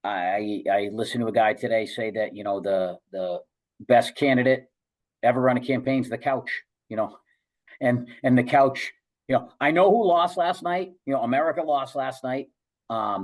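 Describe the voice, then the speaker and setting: Halting man hosting a radio show. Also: medium pitch, low-quality recording. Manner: halting, many fillers and restarts. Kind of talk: casual radio talk.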